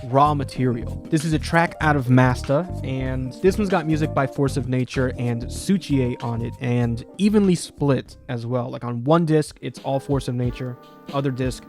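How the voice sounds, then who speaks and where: A man's voice: mid-range voice, moderate pace. Rambling man with faint music behind. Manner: rambling, lots of "you know" fillers. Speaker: music video essay host. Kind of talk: casual talk about music.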